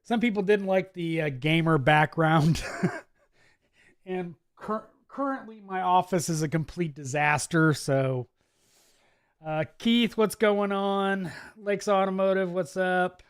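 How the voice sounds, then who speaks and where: A man's voice: high-pitched, takes it slowly, clean tone, dry recording, studio quality. A man with a mixed Midwest and Southern US accent hosts a casual live chat, reading viewer comments in a chatty, laid-back way and laughing often. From US Midwest, Wisconsin. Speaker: livestream host. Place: home office.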